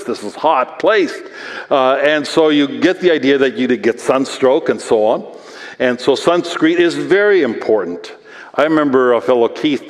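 Male pastor, mid pitch, earnest conversational sermon delivery, long hall reverb. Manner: earnest, reads scripture aloud then explains it conversationally.

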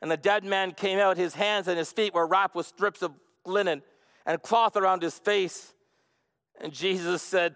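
A man preaching a sermon as a pastor, earnest, moving between hushed and emphatic delivery. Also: high voice, steady tone, normal speed. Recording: long reverb of a large hall.

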